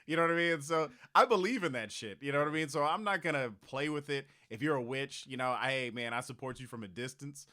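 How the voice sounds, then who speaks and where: Relaxed male co-host, crude and chatty, very bright tone. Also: mid-range voice, fast, few pauses. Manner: laid-back, profane, keeps saying "you know what I mean". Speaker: podcast co-host. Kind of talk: casual comedic chat.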